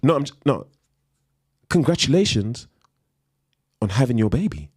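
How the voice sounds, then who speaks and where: A man's voice: medium pitch, very animated, moderate pace, a little mellow, husky, no room sound. A man ranting on a live stream in a heated, emphatic way, repeating slang tags as he goes.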